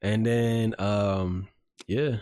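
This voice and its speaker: A man's voice: lowish voice, fairly even intonation, extremely slow, mellow. A man co-hosting a podcast in casual chat, talking in a loose, rambling way full of fillers. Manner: loose and rambling, lots of fillers, laid-back. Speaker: podcast co-host.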